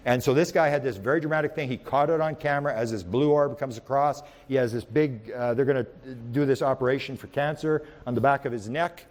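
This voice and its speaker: Rambling male storyteller, mid-pitched. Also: fairly quick, few pauses. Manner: rambling, with frequent restarts and repeated words; animated storyteller who speaks in the present tense. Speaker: UFO researcher giving a talk. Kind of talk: anecdotal storytelling lecture.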